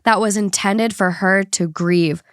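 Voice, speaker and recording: A woman's voice: mid-range voice, steady tone, a little slow, no room sound, studio quality. A woman hosting a podcast, talking in a heated, indignant way with a stuffy nose. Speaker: podcast host. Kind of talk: casual podcast chat.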